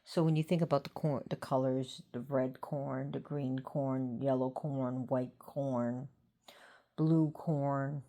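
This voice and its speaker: A tired woman talking casually about an old god, rambling and pausing to think. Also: very deep voice, steady tone, mellow. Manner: rambling, unhurried, pauses to think. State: tired, yawning. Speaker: host of a mythology talk. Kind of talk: casual talk to camera.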